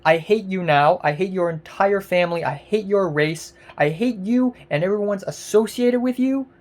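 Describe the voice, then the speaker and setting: A woman's voice: mid-range voice, moderate pace, darkish tone, natural voice. A woman mimicking a spiteful internet commenter, sneering and over the top. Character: spiteful hateful internet commenter, any age.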